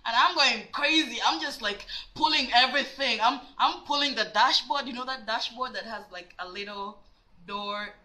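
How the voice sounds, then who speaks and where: A woman vlogger telling a personal story in a dramatic, animated way, cussing freely. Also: on the high side, moderate pace, poor audio. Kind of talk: storytime vlog.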